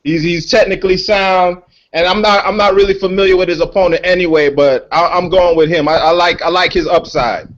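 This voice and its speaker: A man, a guest in a casual online hangout, talking haltingly and repeating words as he goes. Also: sits high, fairly even intonation. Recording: dull lo-fi call audio.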